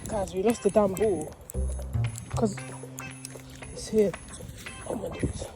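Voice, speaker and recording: A woman's voice: mid-range voice, slow. A young woman with a London accent chatting casually in a vlog while walking her puppy outdoors in a park, slang-heavy and laughing nervously, filmed on a handheld phone. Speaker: vlogger. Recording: background music over voice.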